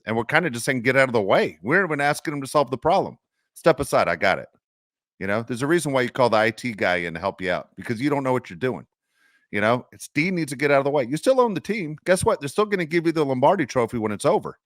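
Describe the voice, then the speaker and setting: A man's voice: mid-range voice, animated, fast, no room sound, studio quality. A man hosting a sports podcast, emphatic and sarcastic. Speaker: podcast host. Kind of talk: casual podcast chat.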